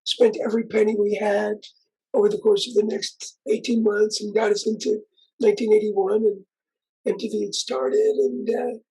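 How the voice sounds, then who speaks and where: Very husky older man telling stories. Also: sits high, level tone, moderate pace, mellow, poor audio. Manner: rambling, with frequent restarts and asides. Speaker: guest. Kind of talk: conversational storytelling.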